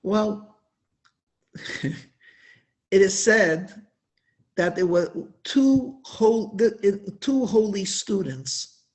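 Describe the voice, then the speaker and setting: A man's high-sitting voice carries an inspirational religious talk at a Hasidic gathering. He tells stories, stretching out his words for emphasis.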